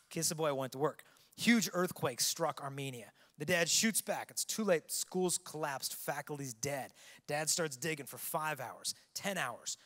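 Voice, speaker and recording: A man giving a keynote to a large youth conference, preaching with earnest storytelling that swings between hushed and loud. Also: a little high, lively intonation, measured pace. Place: large arena with long reverb. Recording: long hall reverb.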